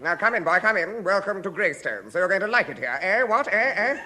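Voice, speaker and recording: A man's voice: sits high, big pitch swings, brisk, sharp tone, a faint crowd, heavily acted. A man playing a stern, sadistic male headmaster in a 1950s radio comedy, barking questions at a boy.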